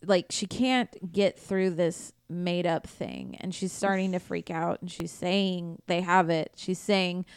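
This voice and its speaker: A woman hosts a true crime podcast, walking through a case at an unhurried pace. Her voice sits fairly low and is very clean and smooth. She talks bluntly and swears freely, and the recording is close and dry with no room sound. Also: no echo. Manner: blunt, profane, conversational retelling. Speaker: podcast host. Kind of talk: casual true crime storytelling.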